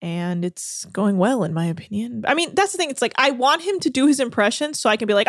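A woman co-hosting a podcast, recapping a reality show in an animated, sarcastic way, laughing and swearing often. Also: fairly high pitch, fast, hardly any pauses, no room sound, studio quality. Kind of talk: casual chat.

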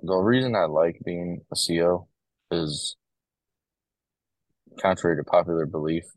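A man's voice: sits low, no echo, low-quality recording. A young man, a corrections officer, telling stories in casual conversation, loose and full of fillers. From Ohio, US. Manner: relaxed storytelling, many fillers. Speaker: podcast guest, corrections officer.

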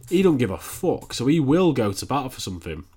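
A man in casual chat as a podcast co-host, relaxed, with loose phrasing and restarts. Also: mid-range voice, fast talker, breathy edge.

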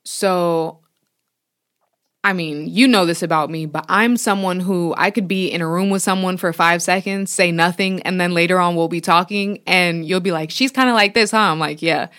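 A woman's voice: fairly low pitch, moderate pace, fairly bright tone. A woman co-hosting a casual podcast chat, a writer who listens supportively and talks reflectively about studying people.

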